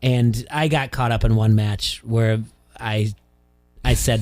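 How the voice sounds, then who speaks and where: Young male sports radio host, casual and self-mocking, quick to laugh. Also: medium pitch, darkish tone. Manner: rambling, self-deprecating, laughs often.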